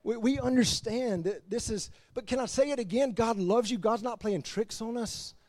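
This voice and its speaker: Animated, high-voiced preaching pastor. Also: male voice, normal speed, no echo. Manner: animated, laughs between points, drops to quiet emphasis. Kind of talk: sermon.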